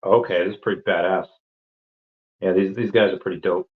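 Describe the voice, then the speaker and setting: A man's voice: deep voice, fairly even intonation, brisk, phone-quality sound. A man hosting a casual livestream, answering chat questions in a rambling way and often repeating words as he restarts.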